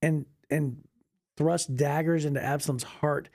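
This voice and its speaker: A man with a somewhat high, gravelly and husky voice talks emphatically, retelling a Bible story in casual conversation. The recording is dry and close. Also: fairly even intonation, measured pace, a little mellow, dry recording. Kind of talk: casual discussion.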